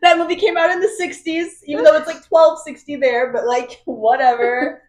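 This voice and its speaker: A woman's voice: high voice, moderate pace, echoey room, low-quality recording. A woman co-hosting a book podcast, joking and giggling as she chats. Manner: animated, jokey, giggly. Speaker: podcast co-host. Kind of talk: casual book chat.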